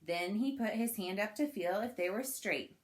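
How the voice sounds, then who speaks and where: A woman's voice: mid-range voice, normal speed. A woman reading a children's picture book aloud, coaxing young listeners to join in with questions and actions. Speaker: children's story reader.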